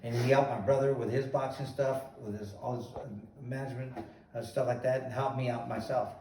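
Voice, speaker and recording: Animated man telling a story in a roomy room. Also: medium pitch, brisk, background noise. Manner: animated, repeats "he goes". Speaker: host, former boxer. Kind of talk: casual storytelling chat. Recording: roomy echo, distant mic.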